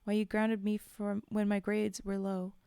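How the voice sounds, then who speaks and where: A desperate teenage girl speaks through held-back tears, begging her father to understand. A woman reads her lines aloud in a soft, mellow tone, recorded close and dry. It sounds like a read-aloud horror story. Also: medium pitch, monotone, unhurried, vocal fry, smooth, no room sound. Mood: pleading, tearful. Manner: pleading, on the verge of tears.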